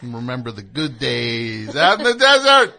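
A male host of a comedy call-in show keeps asking dry, disbelieving questions. His voice is bright and lively, moving freely up and down. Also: medium pitch, normal speed, vocal fry. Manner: deadpan, incredulous questioning. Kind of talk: comedy call-in radio chat.

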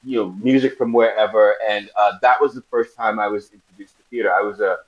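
A man's voice: fairly low pitch, fast talker, muffled recording. A man in his forties from Brooklyn, a guest in a casual interview, telling stories and acting out the voices of the people in them. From Brooklyn, New York. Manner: animated storyteller acting out quoted voices, laughing often. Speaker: actor guest.

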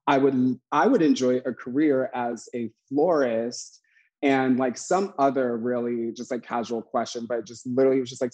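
Uomo chiacchierone che racconta e ride. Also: male voice, mid-range voice, fairly even intonation, normal speed, darkish tone, rough recording. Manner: chatty storyteller, laughs often. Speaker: podcast host, drag performer. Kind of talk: casual chat recapping a TV show.

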